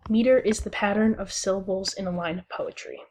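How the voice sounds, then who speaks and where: A young woman giving a recorded lesson as a teacher, speaking slowly and deliberately and sounding out syllables one by one. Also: medium pitch, steady tone, a little mellow, a little hiss or hum.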